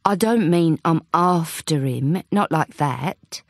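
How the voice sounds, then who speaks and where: A woman's voice: sits low, no echo, studio quality, heavily acted. A woman voicing an earnest, slightly flustered young female reporter. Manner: earnest, quick to defend herself. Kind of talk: audiobook character voice.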